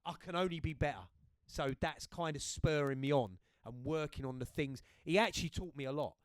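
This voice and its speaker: A British man in his fifties, chatting on a podcast as a guest, telling stories in a lively way and often checking in with the listener. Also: a little high, fairly quick, clean tone, dry recording. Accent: British English. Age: 50s. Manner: lively storyteller, checks in with "right?". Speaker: guest, host's father. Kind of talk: casual podcast chat.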